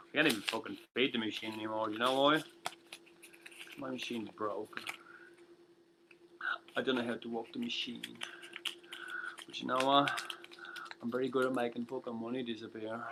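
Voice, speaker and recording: A tired man hosting a livestream music show, rambling and ranting with constant swearing, swinging between loud outbursts and muttered asides. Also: mid-range voice, steady tone, moderate pace, long pauses, background noise.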